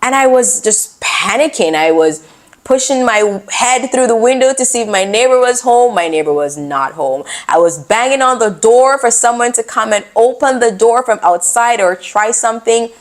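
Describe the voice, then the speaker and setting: A young adult woman vlogger telling a personal story in a casual, expressive, animated way. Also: on the high side, moderate pace.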